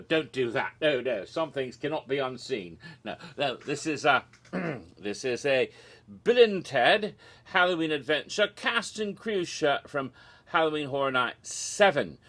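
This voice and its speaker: A man's voice: medium pitch, a bit bright. Playful, theatrical middle-aged man. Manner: playful, theatrical, self-mocking. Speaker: host of a theme park history channel. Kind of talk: casual vlog talk.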